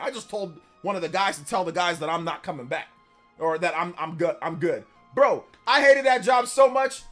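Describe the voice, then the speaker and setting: A man hosting a live stream, telling stories in a casual, animated and slangy way. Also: high-pitched. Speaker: streamer host. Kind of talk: casual livestream chat.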